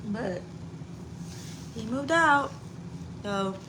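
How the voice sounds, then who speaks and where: A woman's voice: a little high, lively intonation, very slow. A woman in her forties chatting on a live stream as a mother, candid and casual, swearing lightly and laughing often. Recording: noticeable background noise.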